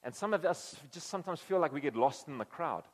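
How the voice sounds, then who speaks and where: A man's voice: on the high side, animated, quick pace, long reverb tail. A man preaching a conversational sermon, acting out quoted voices as he tells the story. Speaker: pastor.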